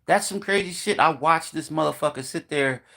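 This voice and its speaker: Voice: medium pitch, moderate pace, vocal fry, sharp tone. Profane, heated ranting vlogger. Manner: heated, swears constantly, acts out quotes.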